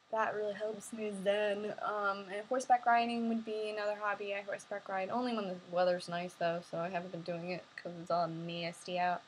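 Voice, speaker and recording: A woman's voice: medium pitch, fairly bright tone, a little hiss or hum, rough recording. A young woman casually answering viewers' questions on a live stream, chatty and giggly, with silly sing-song bursts.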